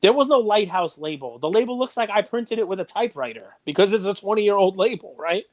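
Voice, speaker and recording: A man co-hosting a podcast, talking casually and getting animated and worked up. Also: high-pitched, a little fast. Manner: animated, gets worked up and loud. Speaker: podcast co-host.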